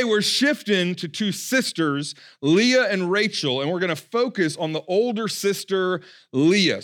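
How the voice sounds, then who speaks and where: A man preaching a sermon in a church room, in a casual, animated way, with slang and joking asides. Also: high voice. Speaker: pastor.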